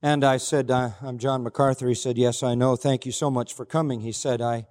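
A man's voice: medium pitch, steady tone, moderate pace, darkish tone. An older man, a pastor, preaching an earnest, emphatic sermon and retelling a story with quoted dialogue. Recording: hall reverb.

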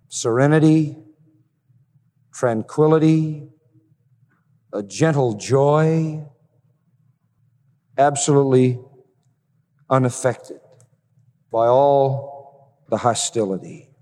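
A man preaching a sermon in an earnest, measured way, with slow emphatic pauses. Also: mid-range voice, a little mellow. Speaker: pastor. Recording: hall reverb with faint music.

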